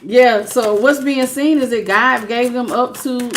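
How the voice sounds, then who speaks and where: A woman giving a live tarot reading, animated and preachy, often repeating herself and laughing between greetings. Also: fairly high pitch, a little slow, a little hiss or hum. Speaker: tarot reader.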